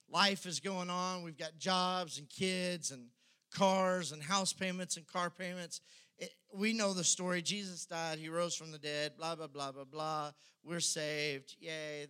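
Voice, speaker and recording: A man preaching with a high, bright, ringing voice. He swings dramatically from pressing, loud delivery to low, hushed moments. A sermon style throughout. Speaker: pastor.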